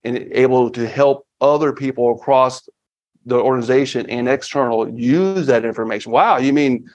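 A man in his fifties, a guest on a business podcast, talking casually and with energy, often breaking into excited quoted asides. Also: mid-range voice, moderate pace. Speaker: podcast guest, finance firm founder. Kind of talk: casual interview talk. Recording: slightly dull lo-fi audio.

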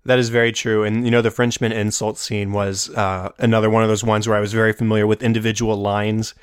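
A man with a smooth, clear voice co-hosts a casual movie podcast, recorded dry and close with no room sound. He speaks in an easygoing way, chuckling now and then as he recalls favorite lines. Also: fairly low pitch, flat delivery, fast, no echo. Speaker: podcast co-host. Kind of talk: casual film discussion.

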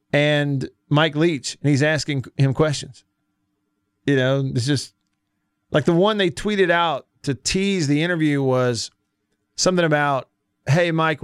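Southern male sports radio host, folksy, slightly high voice, dry studio sound. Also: smooth, dry recording. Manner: chatty, folksy, reads listener texts aloud. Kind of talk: casual sports talk radio. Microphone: studio mic.

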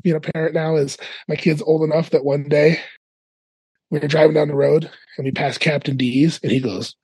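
Man, husky voice, animated storytelling, laughs a lot, dry close mic. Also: a little high, moderate pace, dry recording. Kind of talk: casual podcast chat. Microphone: remote call mic.

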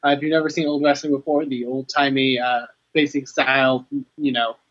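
A man co-hosting a podcast in casual chat, rambling with many pauses. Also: medium pitch, level tone, a bit bright. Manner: rambling, lots of uh and restarts. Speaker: podcast co-host. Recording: dull lo-fi audio.

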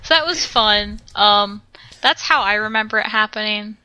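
A woman co-hosting a casual podcast, talking in a bright, forward tone. She rambles through a story, laughs easily and swears when she acts out what she said. The sound is close and dry. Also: medium pitch, normal speed, dry recording. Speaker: podcast co-host. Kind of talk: casual chat.

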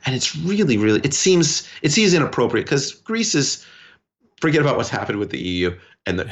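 A man co-hosting a podcast, telling a story in a rambling, animated way with lots of restarts. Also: medium pitch, a little fast. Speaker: podcast co-host. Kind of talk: casual podcast conversation.

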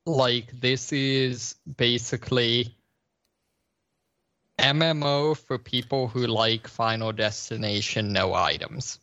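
A man's voice: mid-range voice, steady tone, slow, pushed and bright, dry recording, muffled recording. A man in casual podcast chat, making skeptical, wry remarks.

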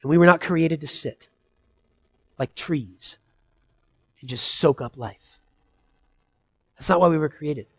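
Earnest, higher-voiced male pastor. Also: slow, long pauses, slightly rough. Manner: earnest and conversational, swinging between loud emphasis and soft asides. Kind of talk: sermon.

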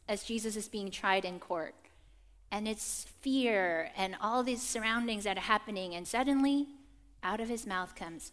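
A young adult woman preaching a sermon, telling personal stories in an animated way and acting out quotes. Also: on the high side, moderate pace. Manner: animated storytelling, acts out quotes. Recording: long reverb of a church hall.

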